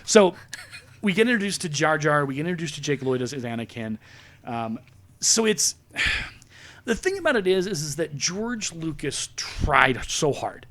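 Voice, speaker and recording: A man in his forties hosting a podcast, chatting casually in an animated, jokey, rambling way. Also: a little high, normal speed. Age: 40s. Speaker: podcast host. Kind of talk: casual chat.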